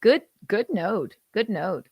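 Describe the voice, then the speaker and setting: A woman in her thirties hosting a casual livestream chat, animated and laughing, swearing freely and acting out how she yells. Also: medium pitch, takes it slowly, husky, no echo, dull audio. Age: 30s. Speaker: host.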